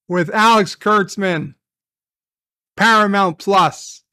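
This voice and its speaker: A man's voice: sits high, slow pace, a bit bright, clear, resonant tone, dry recording, clean studio sound. A man ranting in an angry review, swearing constantly and venting his frustration.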